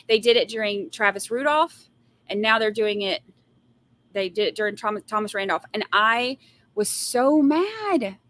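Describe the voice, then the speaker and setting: A woman hosts a livestream of trial commentary, responding to viewer comments with blunt, sassy opinions and exasperated rants. Her voice is on the high side with a fairly bright tone.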